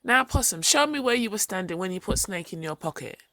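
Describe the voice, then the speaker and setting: A woman's voice: medium pitch, brisk, no room sound, clean studio sound. A woman voicing a clever, cheerful male rabbit who hollers in a told folktale. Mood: commanding. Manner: hollering, animated, playful.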